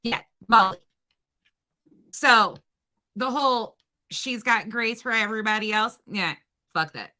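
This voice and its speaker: A woman streaming her reaction to a clip, her voice very bright and cutting. She swears freely and argues back in scathing, profane commentary. Her pitch sits a little high for a woman. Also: unhurried, pauses often.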